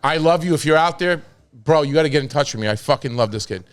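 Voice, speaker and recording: Man, podcast host, casual storytelling, profane, animated, a bit high-pitched. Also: fast, clear, resonant tone. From New York.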